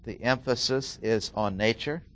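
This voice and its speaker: A middle-aged man delivers expository Bible teaching at an unhurried pace. He builds his points by repeating phrases and leaning hard on single words. His voice sits at an ordinary mid pitch. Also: fairly bright tone, faint music behind. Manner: deliberate, repeats key phrases with emphasis. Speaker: preacher.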